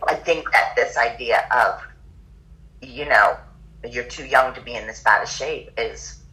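A middle-aged woman telling a personal story as a podcast guest, lively and acting out the lines of other people. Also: extremely low pitch, a little slow, low-quality recording. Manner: animated, acts out quoted dialogue. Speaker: podcast guest, yoga teacher. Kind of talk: casual conversational storytelling.

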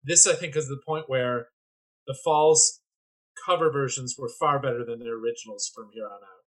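A man's voice: medium pitch, normal speed, rough recording. A man on a casual podcast panel, rambling through opinionated points with many fillers. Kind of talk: casual chat.

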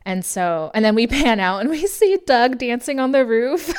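A woman's voice: on the high side, animated, normal speed, clean tone. A woman co-hosting a podcast, chatting casually about a film with lots of laughter, fillers and restarts. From United States. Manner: giggly, rambling with fillers and self-corrections. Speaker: podcast co-host. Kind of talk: casual chat recapping a film.

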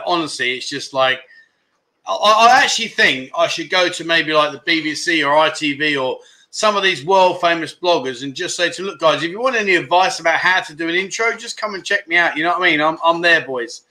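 Middle-aged British male streamer, cheeky banter, high, sharp-edged voice. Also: animated, fairly quick. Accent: British English. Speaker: livestream host. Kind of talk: casual livestream chat.

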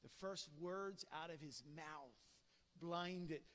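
A man preaching a sermon dramatically, asking rhetorical questions and swinging between loud and hushed delivery. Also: a little high, slow, smooth, big-room sound.

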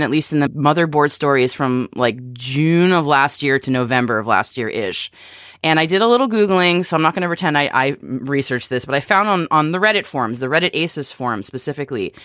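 Animated American woman, lively pitch. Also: dry recording, clean studio sound. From United States. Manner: animated, hedging with restarts and laughs. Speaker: podcast co-host. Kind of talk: casual tech chat.

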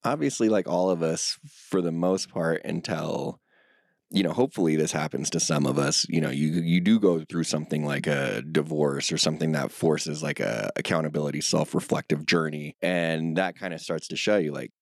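A man in his thirties, a Spanish speaker, telling stories in a relaxed, casual interview, full of filler words and swearing. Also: rumbling low, normal speed, creaky, no room sound, studio quality. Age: 30s. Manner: laid-back storytelling, heavy filler words and swearing. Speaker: guest.

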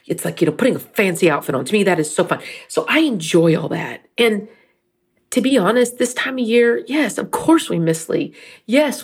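A woman's voice: on the low side, slightly rough. A middle-aged woman talking candidly about faith and grief, emotional and rambling, teary at times. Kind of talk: personal faith talk.

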